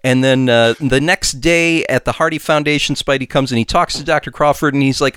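A man co-hosting a podcast, chatting casually and rushing through a plot recap with lots of halting restarts. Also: mid-range voice, fairly even intonation, a bit bright, smooth, no room sound, clean studio sound. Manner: halting, many restarts and fillers while racing the clock. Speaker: podcast co-host.

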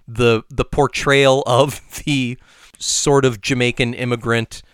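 Here a podcast co-host speaks slowly in a mid-range voice that is clear, resonant and fairly bright, with a flat delivery. In casual discussion he thoughtfully lays out his reasoning step by step, recorded cleanly in a dry studio.

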